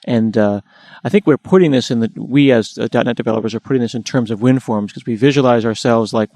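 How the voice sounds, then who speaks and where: A man's voice: mid-range voice, animated, brisk, vocal fry, darkish tone, dry recording. A man with an American accent hosting a casual tech interview, asking curious questions with a self-deprecating touch. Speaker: host.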